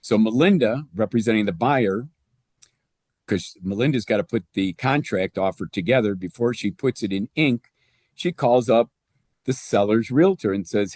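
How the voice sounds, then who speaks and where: A man's voice: lowish voice, expressive, normal speed, darkish tone, no echo, clean studio sound. A man explaining home loan math step by step in a conversational teaching style. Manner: conversational, walks through numbers step by step. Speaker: real estate presenter.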